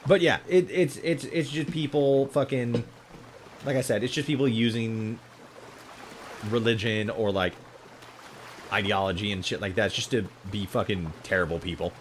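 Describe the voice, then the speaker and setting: A man's voice: lowish voice, moderate pace, a little hiss or hum. A young man chatting casually on a live stream while gaming, rambling and swearing heavily with many restarts. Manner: rambling, profane, full of restarts and laughs.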